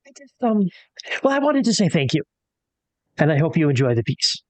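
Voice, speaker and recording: A woman's voice: deep voice, very animated, a little fast, no echo. A woman playing her character in a tabletop game, polite and flustered, stammering through thanks. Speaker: player. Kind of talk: in-character tabletop role-play.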